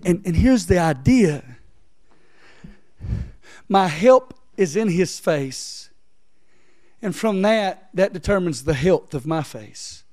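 A man preaching a sermon in a chatty way, swinging from loud scripture reading to soft, low asides. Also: no room sound. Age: adult, father of three. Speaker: pastor.

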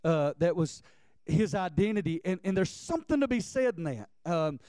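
A man of about forty preaches with heartfelt urgency, tripping over repeated words as his passion climbs. His voice sits high and rings clean and smooth. The sound is close and dry, with no room around it. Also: animated, moderate pace, dark tone, no room sound. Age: 40s. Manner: earnest, stammering restarts, building in intensity. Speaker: pastor. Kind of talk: sermon.

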